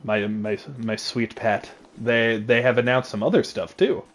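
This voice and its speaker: A man hosts a casual livestream chat from a home setup, his voice sitting at an ordinary middle pitch. He jokes, rambles and gets excited as he talks into a desk mic. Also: measured pace. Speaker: streamer.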